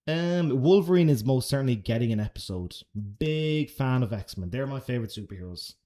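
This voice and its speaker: A man's voice: medium pitch, lively intonation, a little fast, mellow. An Irish man answering chat questions on a casual live stream, laid-back and chatty, swearing now and then. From Ireland.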